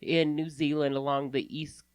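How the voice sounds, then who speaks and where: A woman co-hosting a casual chat podcast, animated, laughing often and swearing casually. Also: sits low, moderate pace, smooth, no echo. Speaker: podcast co-host.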